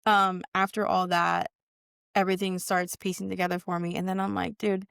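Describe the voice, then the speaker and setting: A young woman guesting on a podcast shares a personal story in casual chat, candid and swearing heavily, acting out what people said. Her voice is fairly low, level, gravelly, fairly bright, clear, and resonant at a moderate pace, recorded in studio quality with no echo.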